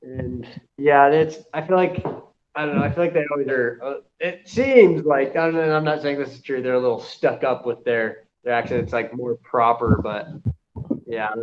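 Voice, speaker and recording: A man's voice: mid-range voice, normal speed. A young man chatting casually on a video call, rambling with lots of fillers and restarts. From United States. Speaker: conversation partner. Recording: muffled video call audio, faint hiss.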